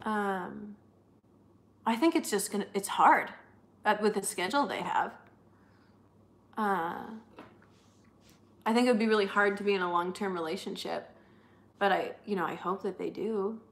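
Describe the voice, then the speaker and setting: A woman's voice: mid-range voice, normal speed, long pauses. A young woman co-hosting a live stream, chatting casually with viewers in a rambling way full of fillers.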